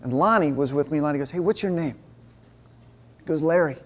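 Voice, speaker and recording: Guy with a higher voice giving a casual sermon to a men's group, tells stories and acts out what people said. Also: a little fast. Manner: conversational, acts out dialogue in stories. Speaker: men's ministry speaker. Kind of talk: sermon told through personal stories.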